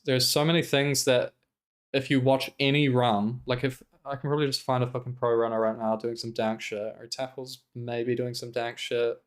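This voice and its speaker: Smooth-voiced man ranting on stream. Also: mid-range voice. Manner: animated, profane, exasperated ranting. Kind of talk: casual stream commentary.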